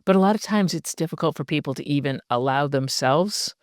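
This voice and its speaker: A woman's voice: sits low, a little fast, no echo, studio quality. A middle-aged woman hosting a podcast, talking in a reflective, affirming way and summing up what her guest says. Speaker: podcast host. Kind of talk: casual podcast chat.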